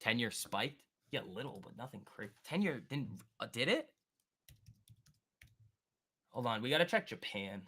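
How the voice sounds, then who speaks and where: A man hosting a live stock trading stream, thinking aloud and answering chat in an excitable, quick way. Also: medium pitch. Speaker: stock trading livestream host. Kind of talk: live market commentary reading chat.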